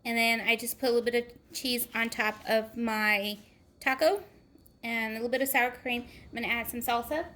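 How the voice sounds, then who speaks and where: A woman's voice: a little high, steady tone, normal speed. A young woman hosting a home cooking vlog, talking casually to her viewers with lots of fillers as she cooks in her kitchen. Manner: chatty, warm address to viewers with frequent fillers. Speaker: cooking vlogger.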